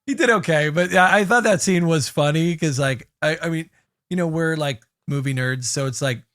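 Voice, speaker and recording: Casual podcast co-host, male, a bit high, dry close mic, does quick silly impressions. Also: fairly bright tone, no echo. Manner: chatty, breaks into quick goofy impressions. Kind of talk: casual movie-review chat.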